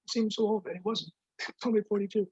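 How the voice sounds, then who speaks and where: Man in his 60s, poet reading, slow and deliberate, husky voice, muffled call audio. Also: sits high, steady tone, darkish tone. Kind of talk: poetry reading. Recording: dull lo-fi video call audio.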